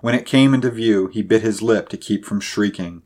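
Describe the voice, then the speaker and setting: A male narrator reading a horror story aloud. His delivery is measured and dramatic, and his voice sits fairly low. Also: a little mellow. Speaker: audiobook narrator. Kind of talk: scripted narration.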